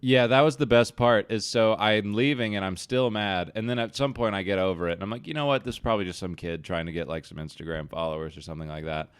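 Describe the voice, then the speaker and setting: A man's voice: on the low side, fast, hardly any pauses, faint music behind. A young man hosting a podcast, telling a profane, self-mocking story in casual chat. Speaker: podcast host.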